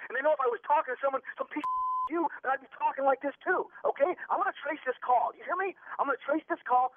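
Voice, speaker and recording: A man's voice: very high-pitched, dry recording. A man working at a store, talking on a phone call, flustered and stammering, often repeating his words. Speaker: store clerk, prank target. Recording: phone line.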